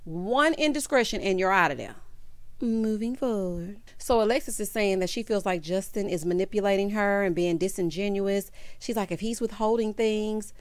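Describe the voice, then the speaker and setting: A woman's voice: medium pitch, no echo. Sassy woman recapping reality TV. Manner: sassy and animated, calls listeners honey and child. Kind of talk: casual commentary recap.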